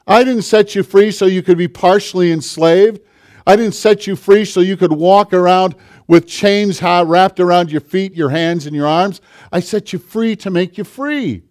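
A man's voice: high voice, normal speed, a little mellow, natural voice. A man voicing God calling out to his child, in fervent, pleading declarations.

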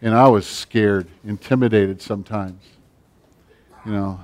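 A man's voice: on the low side, fairly even intonation, measured pace. Emphatic man preaching a sermon. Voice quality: big build, speaks plainly. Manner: emphatic preaching that swings from loud to hushed. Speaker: pastor. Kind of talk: sermon with closing prayer.

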